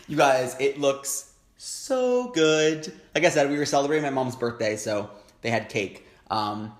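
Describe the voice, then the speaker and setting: A young man hosting an eating show, chatting casually and excitedly between bites with lots of happy humming. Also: mid-range voice, unhurried, reverberant. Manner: chatty, excitable, frequent hums of enjoyment. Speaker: mukbang host. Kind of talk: casual chat while eating. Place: home, indoors.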